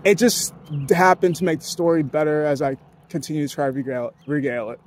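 High-voiced young man, rambling and profane. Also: darkish tone. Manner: rambling, profane, laughs often. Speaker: podcast host. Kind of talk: casual monologue.

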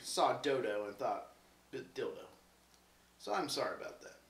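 A man's voice: medium pitch, big pitch swings, a little fast, recorded from a distance, a little hiss or hum. A tipsy young man hosting, reading a book aloud with crude, joking, rambling asides. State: tipsy from whiskey. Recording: roomy, off-mic, faint music.

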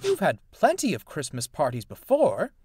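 A man's voice: a little high, huge pitch swings, moderate pace, background noise, voice pushed up. A man doing a kindly old engine. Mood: worried.

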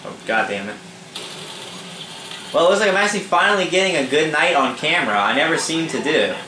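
A young man giving casual live commentary over his own multiplayer matches, swearing freely, quick to get angry and laughing at his own mishaps. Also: fairly high pitch, animated, sharp tone, a little hiss or hum. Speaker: gamer doing live commentary. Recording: roomy echo with faint ambience.

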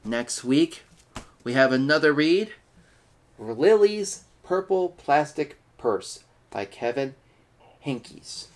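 A man's voice: fairly high pitch, lively intonation, slow pace, long pauses. A man hosting a weekly read-aloud, reading a children's picture book and signing off in an upbeat, playful way. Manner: upbeat, playful sign-offs. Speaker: host reading books aloud.

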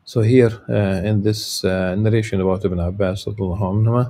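A man lecturing with a low, gravelly voice and a dark, mellow tone. He reads from a religious text and then explains it, pausing often with filler sounds and starting phrases over. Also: fairly even intonation. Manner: halting, frequent filler sounds and restarts.

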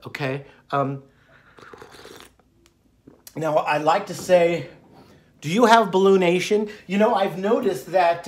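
Give me a high-pitched man rambling through a casual diet vlog with jokes and digressions. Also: unhurried, loud music behind the voice. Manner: jokey, digressive, lots of fillers. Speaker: diet channel host.

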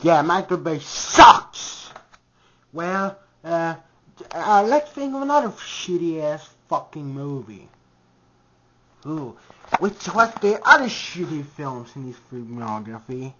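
A man ranting to camera in a comedic, heavily profane vlog, swinging from shouts to mutters. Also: a little high, big pitch swings, slow pace. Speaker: vlogger. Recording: dull lo-fi home recording.

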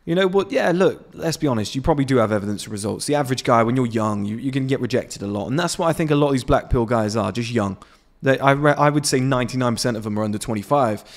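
Speaking fast with lively intonation, this medium-pitched man is a self-improvement vlogger in his late twenties. Out on his patio, he delivers an unscripted motivational rant to the camera, blunt and cursing without restraint.

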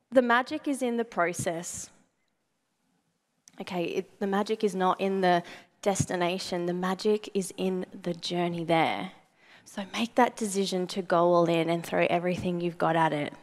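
A young adult woman giving a motivational talk to a live audience, telling a story in an animated way, acting out her own remembered words and asking the audience questions. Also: lowish voice, unhurried. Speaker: motivational speaker.

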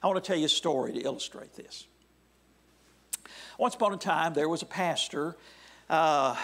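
A male pastor preaching a sermon in a church, deliberate and measured, often dropping his voice to a near whisper at the end of phrases. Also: fairly high pitch. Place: church sanctuary.

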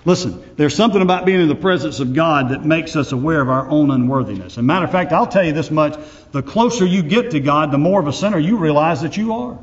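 A male pastor preaching a sermon, swinging from loud proclamation to hushed, intimate asides. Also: on the high side, animated, fast talker, long reverb tail, dull audio.

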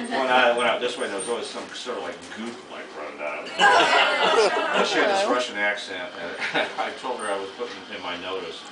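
A man in his sixties, a guest actor at a live Q&A, rambling through anecdotes with lots of laughter and swearing. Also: fairly low pitch. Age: 60s. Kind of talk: casual storytelling to an audience. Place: small underground venue with an audience. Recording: echoey room from far off, loud noise.

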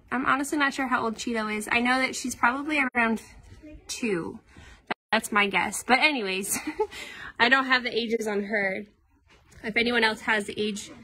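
A woman, talking in a bright, crisp voice that sits a little high. She keeps the livestream chat lively and friendly, thanking donors by name. It sounds like a phone recording made inside a shelter room, with a faint hiss underneath. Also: moderate pace. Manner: upbeat, chatty, reads out donations. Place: cat shelter room indoors.

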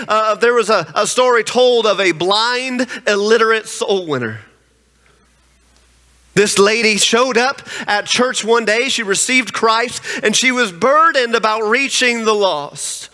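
A man's voice: high-pitched, sharp tone. A man preaching a sermon in a church, telling stories emphatically. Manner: emphatic storytelling. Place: church sanctuary. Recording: long church reverb.

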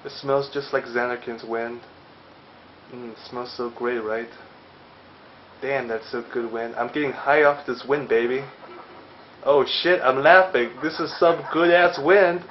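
A man's voice: mid-range voice, fairly even intonation, a little slow, pauses often, a little hiss or hum. Joking, profane young man playing a game. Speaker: let's play host. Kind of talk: casual gameplay commentary. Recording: slightly dull audio with faint game music.

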